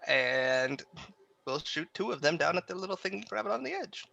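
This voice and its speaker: A man's voice: high voice, sing-song, normal speed, vocal fry, bright, forceful tone, no room sound, highs cut off. A man playing in a tabletop game, talking in a playful way and laughing. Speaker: player.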